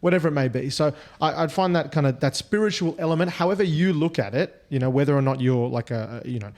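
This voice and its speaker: A man co-hosts a podcast in relaxed chat, his words tumbling out fast. He restarts and repeats himself as he thinks aloud. His voice sits a little higher than most men's. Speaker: podcast co-host. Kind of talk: casual chat.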